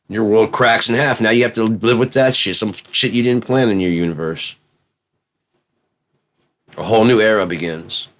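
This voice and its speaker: A man in a profane, rambling monologue that swings between low mutters and excited yelling. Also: a little fast.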